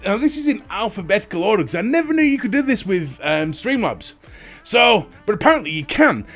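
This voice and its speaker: Jokey male stream host, high and animated, light music underneath. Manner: jokey, animated, swears freely. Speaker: livestream host. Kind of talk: casual chat greeting viewers.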